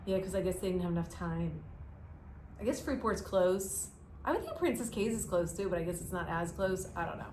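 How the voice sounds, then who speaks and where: A woman's voice: on the low side, expressive, fairly quick, darkish tone, slight background noise. A woman co-hosting a casual cruise news chat, talking in a loose, hedging way as she reads out stories. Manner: chatty, hedging with "I guess" and "I don't know". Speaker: co-host of a cruise news show.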